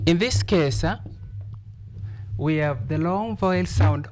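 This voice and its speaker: A man teaching a pronunciation lesson, repeating each word slowly and deliberately for emphasis. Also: on the high side, a little mellow. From Kenya.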